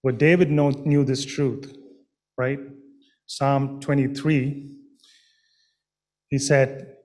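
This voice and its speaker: A man preaching a sermon in a slow, earnest way, pausing with fillers and restarting his phrases. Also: medium pitch, level tone, darkish tone.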